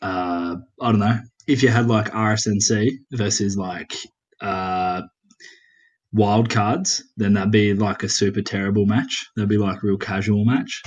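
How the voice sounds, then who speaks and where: This is a man from Portugal, heard over a voice call as a guest on a gaming stream. His voice sits a little low, and his speech is loose and rambling, full of slang, fillers and the occasional swear. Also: steady tone, unhurried, breathy edge, poor audio. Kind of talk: casual voice chat.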